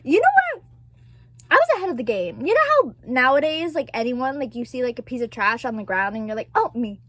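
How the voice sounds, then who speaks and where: A woman's voice: a little high, sing-song, fast talker, fairly bright tone, no echo. Brief: young woman vlogger, dry close sound, gushy and foul-mouthed, laughs a lot. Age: 20s. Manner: gushing and profane, laughs often. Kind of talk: casual chat.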